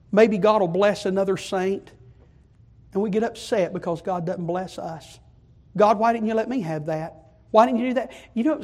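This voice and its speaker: High-voiced man preaching a sermon. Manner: builds from soft pleading to loud impassioned preaching.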